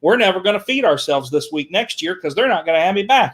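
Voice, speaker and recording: A man telling animated stories as a guest on a talk show, repeating words and acting out the people he quotes. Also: sits high, quick pace, a little hiss or hum. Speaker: guest, children's entertainer. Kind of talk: animated storytelling.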